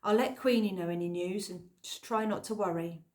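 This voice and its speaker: A woman's voice: mid-range voice, a little fast, darkish tone, close to an everyday voice. A woman doing a mild, kindly man. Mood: gentle. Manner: mild, muttering.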